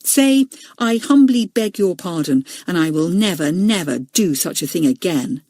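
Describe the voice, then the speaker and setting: Woman reader as a big schoolboy bully, low and menacing. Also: expressive, unhurried, dark tone, no room sound, clean studio sound.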